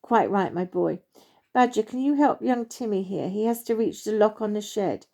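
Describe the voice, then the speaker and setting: A woman voicing a kindly, wise old male oak tree in a storybook reading, speaking in a gentle, fatherly manner. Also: medium pitch, normal speed, close to an everyday voice.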